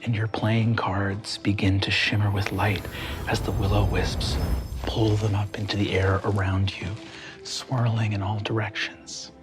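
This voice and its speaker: A man narrating a tabletop game as game master, in slow, measured, hushed narration. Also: lowish voice, flat delivery. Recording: faint music underneath.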